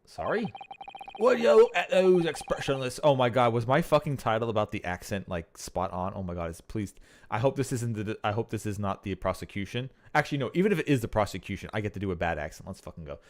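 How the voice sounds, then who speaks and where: A man's voice: fairly low pitch, expressive, quick pace. A man streaming a game, commenting casually with swearing and self-mocking jokes. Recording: game music behind.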